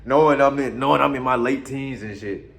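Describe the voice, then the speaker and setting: A man telling a crude, comic story in a casual, animated way. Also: medium pitch, a little fast, gravelly. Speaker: podcast host telling a story.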